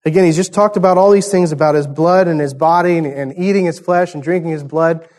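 A man's voice: on the high side, brisk, darkish tone. A man preaching a conversational sermon, teaching through a passage and asking the congregation rhetorical questions. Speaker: pastor.

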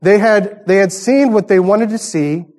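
High-voiced man teaching a sermon. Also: unhurried, a little mellow. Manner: conversational Bible teaching with rhetorical questions. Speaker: pastor.

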